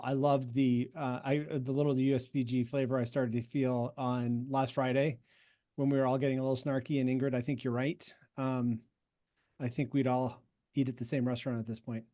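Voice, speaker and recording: A man on a video call reviewing past work for his committee in a halting, self-correcting way, thanking colleagues as he goes. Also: mid-range voice, flat delivery, mellow. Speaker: committee co-chair. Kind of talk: casual meeting update.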